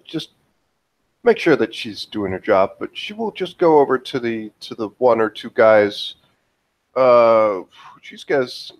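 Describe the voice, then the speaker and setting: A man playing a tabletop role-playing game, describing his character's actions hesitantly with many fillers. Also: mid-range voice. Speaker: player.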